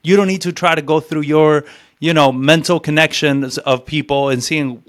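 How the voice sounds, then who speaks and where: A man's voice: fairly high pitch, a little fast, a bit bright. A man coaching cold calling in a blunt, profane way, acting out both sides of phone calls as he teaches. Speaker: sales coach.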